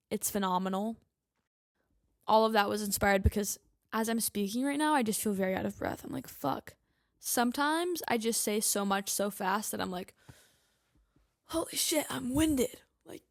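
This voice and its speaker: A woman's voice: medium pitch, dry recording, studio quality. A young adult woman hosting a casual solo podcast, chatty and candid, swearing freely and speaking straight to her listeners. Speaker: podcast host.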